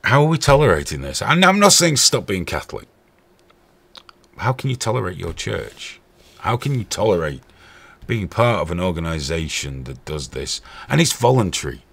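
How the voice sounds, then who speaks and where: A man's voice: low-pitched, big pitch swings, normal speed, creaky, fairly bright tone, slightly rough. A man hosting a stream with angry, profane, sarcastic ranting commentary. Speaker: host.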